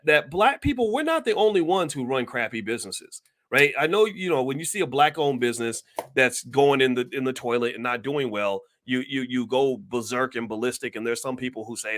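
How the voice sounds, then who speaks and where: A man's voice: on the high side, animated, brisk, fairly bright tone. A man giving heated, rambling commentary straight to his viewers, asking them questions and preaching his point. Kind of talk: direct-to-camera commentary.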